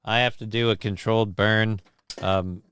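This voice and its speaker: A man hosting a live stream in a low, smooth and clear voice, reading out viewer messages in a deadpan ramble full of ums and uhs. The sound is close and dry with no room around it. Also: moderate pace, no echo. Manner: rambling and deadpan with many fillers. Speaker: live-stream show host.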